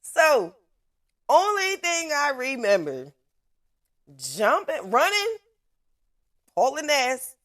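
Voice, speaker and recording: A woman in her thirties, a podcast host telling a story in casual, profane, animated talk. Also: sits high, takes it slowly, pauses often, no room sound, studio quality.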